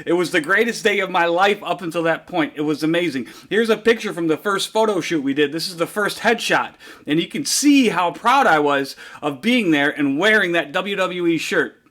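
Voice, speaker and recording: High, bright-voiced male motivational speaker. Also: normal speed. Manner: animated storyteller who builds to rhetorical climaxes. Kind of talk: motivational keynote storytelling.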